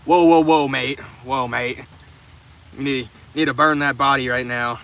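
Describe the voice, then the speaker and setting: A man voicing a bossy male police officer, with a clumsy attempt at a British accent and a loud, exaggerated delivery. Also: medium pitch, fairly even intonation, unhurried, distant mic, close to an everyday voice.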